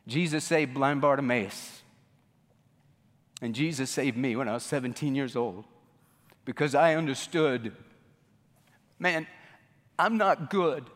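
Male pastor, fairly high voice, earnest sermon storytelling in a reverberant space. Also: animated, slow pace, long pauses, a bit bright. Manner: earnest, rising to pleading fervor.

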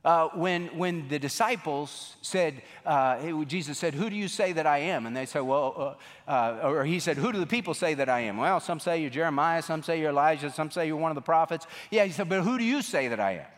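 Male pastor, animated sermon delivery, lots of reverb. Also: on the high side, a little fast, hardly any pauses. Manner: animated storytelling preacher. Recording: long reverb of a large room.

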